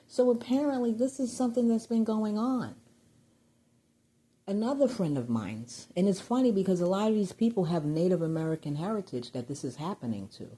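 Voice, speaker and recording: A woman venting in a rambling personal vlog, getting agitated and loud when riled. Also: medium pitch, expressive, a little fast, husky. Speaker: vlogger.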